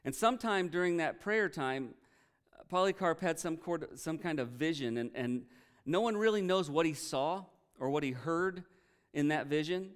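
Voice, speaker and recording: A male pastor preaching a sermon, telling a story earnestly and with feeling, often pausing to react. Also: a little high, expressive, smooth. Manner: earnest storytelling, emotional, retells quotes with energy.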